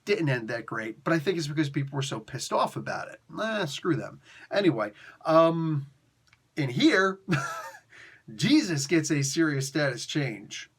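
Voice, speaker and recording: A young adult man giving a casual, excitable comic book review, laughing often and using slang. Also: a little high, unhurried, slightly rough.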